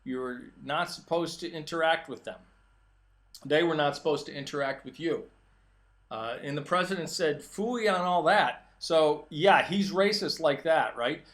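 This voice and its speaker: A man with a notably high, bright and forceful voice hosts his own commentary show. He talks alone to his audience and leans hard on sarcasm and mocking irony. His delivery stays opinionated throughout. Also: normal speed. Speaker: political commentary host.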